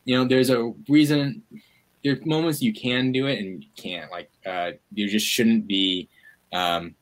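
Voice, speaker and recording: A man, a media activist and guest, talking in a casual interview, animated and full of "like" fillers. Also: low voice, poor audio.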